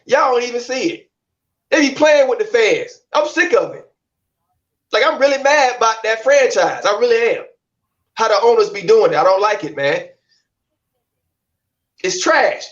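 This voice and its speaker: A man's voice: very high voice, expressive, normal speed, pauses often, fairly bright tone, dull audio. A man ranting in heated sports talk, repeating himself and calling out to his chat, from the Tampa area. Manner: ranting, repetitive, addresses the chat. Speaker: co-host of a sports call-in stream.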